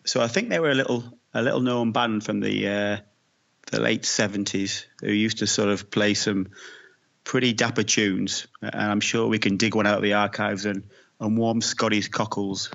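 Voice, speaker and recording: English male co-host, low gravelly voice, dull lo-fi sound, self-deprecating humor. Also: steady tone, moderate pace, fairly bright tone. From England. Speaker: podcast co-host. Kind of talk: casual sports podcast chat.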